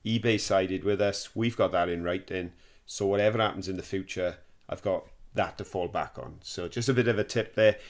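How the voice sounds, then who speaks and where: A man's voice: low voice, moderate pace. A middle-aged man with a Welsh accent, co-hosting a podcast in casual chat and giving practical tips. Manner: chatty, practical, gives tips. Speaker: podcast co-host.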